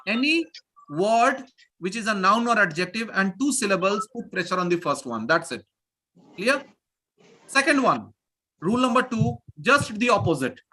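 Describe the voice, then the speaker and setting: A woman teaching English pronunciation in a live online class over a video call, drilling students and repeating words slowly with clear stress. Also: medium pitch, sharp tone.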